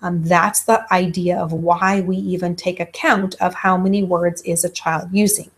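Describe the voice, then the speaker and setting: A woman's voice: fairly low pitch, level tone, normal speed. A woman giving a recorded lecture, with many ums, who stops to act out baby sounds herself.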